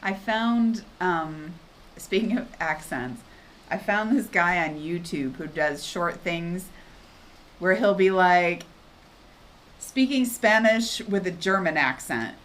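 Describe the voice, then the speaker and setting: A woman's voice: on the low side, slow. Chatty woman co-hosting a livestream. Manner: chatty, animated storytelling. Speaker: livestream co-host. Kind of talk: casual livestream chat.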